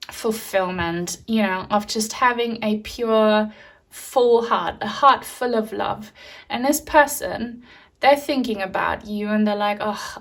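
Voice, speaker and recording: Young woman doing a tarot reading, soft and emotional, lots of ums and little laughs. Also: medium pitch. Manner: gentle, emotional, many fillers and soft laughs. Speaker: tarot reader. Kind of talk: pick-a-card tarot reading.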